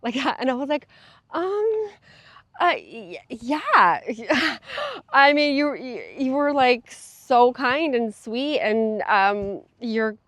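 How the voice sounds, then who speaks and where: A woman's voice: on the high side, measured pace, few pauses, a bit bright, no room sound. A young adult woman vlogging in a casual, chatty way, with many fillers and little laughs. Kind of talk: casual talk to camera.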